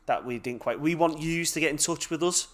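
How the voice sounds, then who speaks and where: A man's voice: on the high side, fairly quick. A young man co-hosting a podcast, bantering easily and leading into each segment. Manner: easygoing banter, leads into segments. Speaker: podcast co-host. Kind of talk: casual chat.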